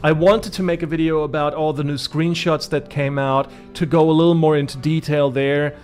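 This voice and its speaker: A man's voice: fairly high pitch, fairly even intonation, moderate pace, darkish tone, faint music behind. A man from Germany with a German accent, chatting casually as a gaming streamer, rambling with many fillers and restarts. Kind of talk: casual live-stream commentary.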